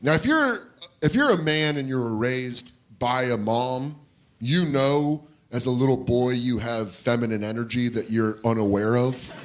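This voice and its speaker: Unhurried and medium-pitched, a male comedian tells a story onstage at a comedy club, animatedly doing the voices of the people in it. Audience laughter and noise fill the live club recording.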